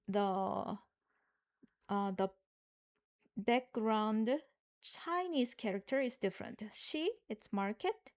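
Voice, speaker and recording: Patient woman teaching vocabulary. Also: a little high. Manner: patient, repeats each word slowly for learners. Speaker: Korean language teacher. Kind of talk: live online Korean lesson.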